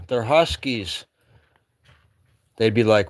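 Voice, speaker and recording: A man's voice: fairly low pitch, slow, long pauses, no echo. A man vlogging casually from his cabin with a rambling, wry manner and an Upper Midwest American accent. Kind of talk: casual chat. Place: remote cabin.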